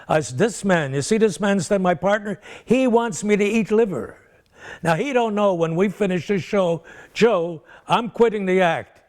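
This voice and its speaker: A man's voice: high voice, expressive, moderate pace. An older comedian being interviewed, telling rambling anecdotes about his career and acting out the people in them. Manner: rambling comic storyteller who acts out the people in his stories.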